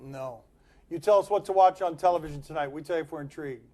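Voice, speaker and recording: A man hosting a sports talk show, bantering playfully with quick quips and laughs. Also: on the high side, mellow, faint music behind. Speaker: host. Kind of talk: casual studio sports talk. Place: TV studio.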